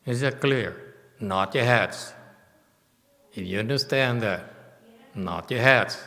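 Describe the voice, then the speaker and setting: A meditation teacher gives a Dharma talk to his class in a temple hall, blunt, emphatic and self-mocking. His voice is lowish with a sharp tone, and the recording carries long hall reverb.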